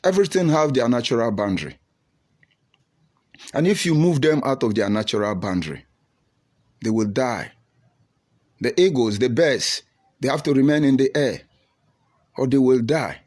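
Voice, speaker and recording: A man's voice: mid-range voice, lively intonation, moderate pace, long pauses, darkish tone. A man with a Nigerian accent giving preachy, taunting livestream commentary while reading out viewer comments.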